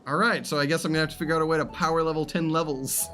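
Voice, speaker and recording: Guy streaming a game, chatty and joking at himself, bright voice, faint game music behind. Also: on the high side, fairly even intonation. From southern United States. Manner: chatty, self-mocking, quick to laugh. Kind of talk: casual gaming stream chat.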